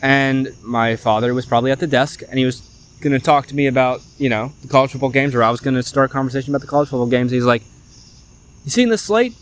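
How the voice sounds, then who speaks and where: A young man, hosting a casual sports podcast, chatty and animated, often saying "y'all". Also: mid-range voice, very fast, smooth. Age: young adult. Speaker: podcast host.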